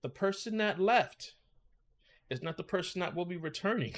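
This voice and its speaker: A man's voice: fairly high pitch, moderate pace, a bit bright. A man hosting a casual reaction video, chatting loosely with his viewers. He laughs often and talks things through as they occur to him. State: growing nervous excitement.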